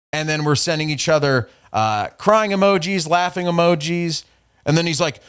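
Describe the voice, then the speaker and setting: A man's voice: fairly high pitch, lively intonation, moderate pace, fairly bright tone, smooth, some chatter behind. A man hosting a podcast, casually recounting an online argument in a profane, trolling way and reading messages aloud. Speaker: podcast host. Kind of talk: casual storytelling.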